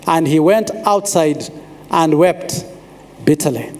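A pastor delivers a sermon in a voice high for a man, with a darkish tone. He pauses often and repeats phrases to hammer his point home, while a large hall adds long reverb.

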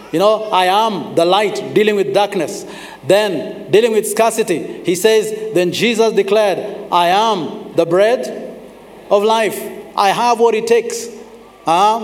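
A man preaching a sermon. He is emphatic, slows down on scripture and calls on the congregation to respond. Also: high voice. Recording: long reverb of a large hall.

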